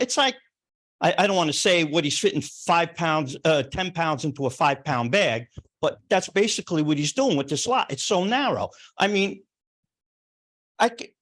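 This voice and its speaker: An older man speaking up at a town planning board meeting. He is plainspoken and emotional, circling back over the same points. His voice sits a bit high for a man. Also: fairly bright tone. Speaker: resident speaking at a public hearing. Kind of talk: impassioned public comment.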